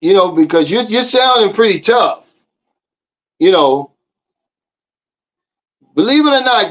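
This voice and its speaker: A man from the United States delivers a casual vlog monologue, lecturing his viewers with emphatic, preachy advice. His voice sits high for a man. The audio is a little dull and lo-fi. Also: lively intonation, moderate pace, pauses often, fairly bright tone. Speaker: vlogger.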